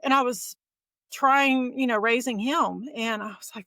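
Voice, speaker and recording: A middle-aged woman, a guest in an interview, telling her own story in a casual, lively way and acting out the voices of the people in it. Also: fairly high pitch, measured pace, no echo, rough recording. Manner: lively retelling that acts out quoted dialogue.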